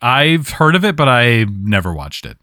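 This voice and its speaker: A man co-hosts a podcast in relaxed, casual chat, easygoing and quick to laugh. His voice sits at a middle pitch. The recording is close and dry, with no room sound. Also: no echo. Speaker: podcast co-host.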